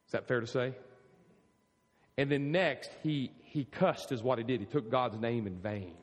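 A man's voice: mid-range voice, a little slow, in a large hall. A man preaching a sermon, telling the story vividly and firing rhetorical questions at his congregation. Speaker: pastor.

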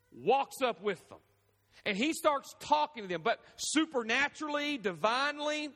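Male pastor, high bright voice, animated storytelling sermon, echoing hall. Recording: echoey hall with long reverb.

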